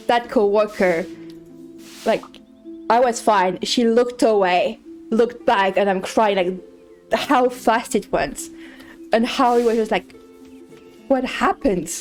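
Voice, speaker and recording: A woman's voice: mid-range voice, darkish tone. Woman streamer telling a rambling story. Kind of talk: casual chat while playing a farming game.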